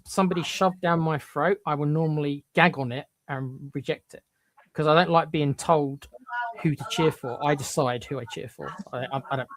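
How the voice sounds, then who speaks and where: A podcast co-host giving blunt, emphatic opinions, often stumbling into repeated restarts. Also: mid-range voice.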